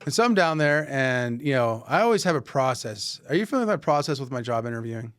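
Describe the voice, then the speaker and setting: A man's voice: medium pitch, quick pace, no room sound, clean studio sound. A man hosting a podcast, telling a story casually and acting out the dialogue, often restarting his sentences. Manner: animated anecdote-telling, acting out quoted dialogue with many restarts. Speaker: podcast host.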